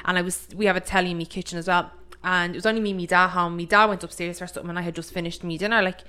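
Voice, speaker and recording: A woman's voice: fairly low pitch, racing, clear, resonant tone. A young woman with an Irish accent, co-hosting a podcast and telling a ghost story in casual chat, acting out the voices and saying "like" a lot. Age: young adult. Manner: animated storytelling, acts out voices, heavy 'like' filler. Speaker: podcast co-host.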